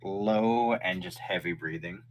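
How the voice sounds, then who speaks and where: A man's voice: low voice, a little slow. A man narrating a tabletop game as game master, loose and full of fillers.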